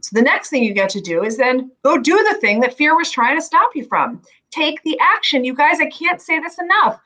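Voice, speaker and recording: A woman's voice: high-pitched, expressive, a little fast, sharp tone. Emphatic woman coaching through an exercise. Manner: emphatic, guiding, keeps checking in with "right?". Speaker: mindset coach. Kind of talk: energetic coaching conversation.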